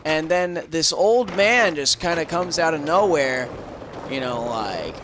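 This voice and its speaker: This is casual chat: a man on a game stream rambles through a movie's plot, cursing freely and filling gaps with filler words. He sounds a little high and animated but unhurried, and the audio crackles with background noise.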